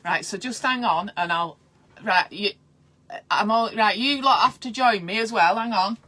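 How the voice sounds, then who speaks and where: Chatty, excitable midwife. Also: female voice, mid-range voice, moderate pace. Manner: chatty, excitable, self-mocking. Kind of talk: casual live chat to camera.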